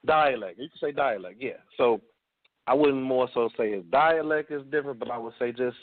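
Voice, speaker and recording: A man's voice: medium pitch, moderate pace, no room sound. A man with a Chicago accent, a panelist in a casual radio round-table, rambling with many fillers and restarts. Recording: dry tinny phone line.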